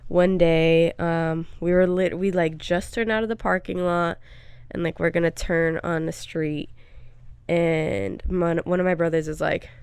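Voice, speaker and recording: A young woman co-hosts a casual podcast, telling candid stories full of filler words. Her voice sits low with a gravelly edge, yet stays smooth and full. The recording is close and dry. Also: steady tone, measured pace, darkish tone, no room sound. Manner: candid, frank storytelling with frequent fillers. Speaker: podcast co-host. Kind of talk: casual chat.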